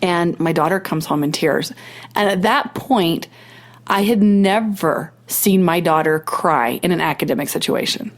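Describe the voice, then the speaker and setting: A middle-aged woman hosting a podcast tells a personal story in casual chat, quoting dialogue and tossing in self-mocking asides while getting over a cold. Her voice is on the low side and unhurried.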